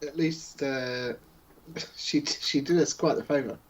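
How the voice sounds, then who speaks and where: A man at a mid pitch talks wryly through tabletop role-play banter, restarting his sentences and chuckling often. A faint hiss of noise sits behind his voice. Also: slow, highs cut off. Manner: wry, hesitant restarts, chuckling. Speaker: player.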